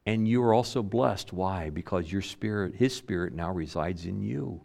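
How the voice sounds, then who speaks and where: A man giving a sermon as a pastor, shifting between loud emphatic lines and quiet, low-pitched asides. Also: moderate pace, gravelly.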